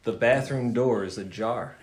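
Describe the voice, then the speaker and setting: A man's voice: medium pitch, unhurried, a little hiss or hum. A young man telling a story in casual chat, swearing and acting out the voices in it.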